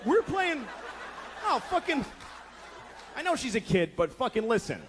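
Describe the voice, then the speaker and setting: Stand-up comic, male, thirties. Exasperated, profane, very animated delivery. Noisy club recording. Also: extremely high pitch. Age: 30s. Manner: profane, exasperated, acts out characters in quick asides. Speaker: stand-up comedian. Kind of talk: stand-up comedy set.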